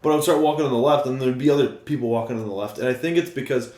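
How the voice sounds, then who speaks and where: A young man co-hosting a casual podcast, telling stories in a relaxed way with casual swearing. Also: medium pitch, very fast. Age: young adult. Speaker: podcast co-host. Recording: echoey room.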